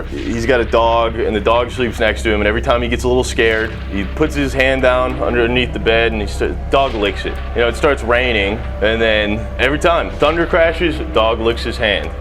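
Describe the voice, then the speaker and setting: A young man hosting a comedic cooking video, joking crudely and swearing as he cooks and tells stories. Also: mid-range voice. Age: young adult. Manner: crude, profane, self-mocking jokes. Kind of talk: casual comedic cooking vlog.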